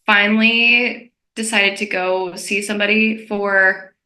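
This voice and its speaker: A woman in her twenties hosting a podcast, sharing her own story in casual chat and quick to react with sympathy. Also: mid-range voice, fairly even intonation, pushed and bright. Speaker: podcast host. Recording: echoey room.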